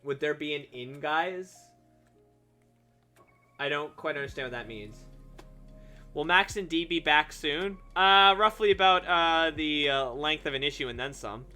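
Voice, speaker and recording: Bright-voiced man chatting on stream. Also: on the high side, unhurried, faint music behind. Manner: chatty, reads and answers chat, frequent laughs and asides. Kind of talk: casual live-stream chat while drawing.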